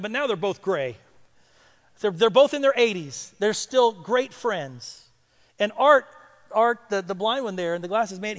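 High-voiced preacher man in a hall. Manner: storytelling, rising to loud emphatic preaching. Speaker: pastor. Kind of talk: sermon.

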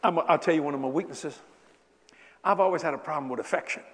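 A man's voice: fairly high pitch, fast, a bit bright. A man in his seventies preaching a humorous sermon, telling stories with laughter and acting out the voices he quotes. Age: 70s. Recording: long hall reverb.

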